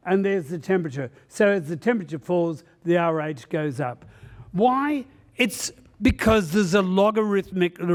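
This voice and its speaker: A man giving a conference presentation, joking and rambling with many "uh" fillers. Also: on the high side. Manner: humorous, rambling storyteller with frequent "uh" fillers. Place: conference session room.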